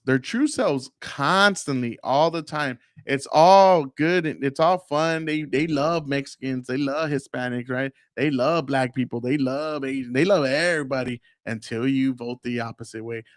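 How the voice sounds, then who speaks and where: A man's voice: fairly high pitch, dry recording, studio quality. An American man hosting a live stream with blunt, profane political commentary, laughing often. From United States.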